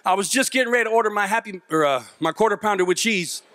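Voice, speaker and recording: Speaking fast in a high voice, a middle-aged motivational youth speaker entertains a young crowd in a large auditorium. He delivers a comedic talk to teens, full of jokes, animated stories and acted-out voices.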